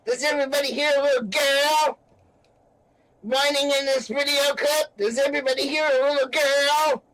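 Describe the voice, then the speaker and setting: A man putting on a taunting mobster voice, shouting mocking questions at a rival. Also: very high-pitched, fairly even intonation, normal speed, voice pushed up, rough recording.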